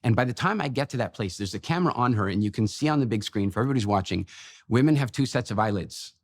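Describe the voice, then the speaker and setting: A middle-aged man in a casual interview, telling animated anecdotes and acting out the dialogue in them. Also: medium pitch, rapid-fire. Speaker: podcast guest, entrepreneur.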